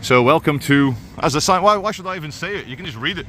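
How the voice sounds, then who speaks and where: A man's voice: a little high, animated, fast, pushed and bright, a little hiss or hum. Sardonic man rambling on a walk. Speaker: vlogger. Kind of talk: walking vlog commentary. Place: outdoors by a waterfront.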